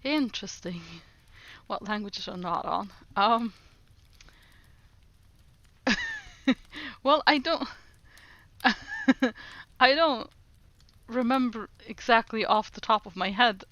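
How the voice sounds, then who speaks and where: A woman streamer talks unhurriedly with her chat, breaking into giggles often. Her voice is bright and crisp in tone. The sound is slightly dull and lo-fi. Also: on the high side, huge pitch swings, slow, pauses often, no room sound. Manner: laughs often, chatty and giggly. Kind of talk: casual livestream chat, reading chat aloud.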